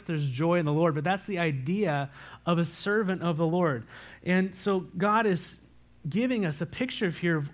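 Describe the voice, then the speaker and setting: A pastor preaching a sermon, earnest and repeating key words for emphasis. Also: male voice, fairly high pitch. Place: church sanctuary.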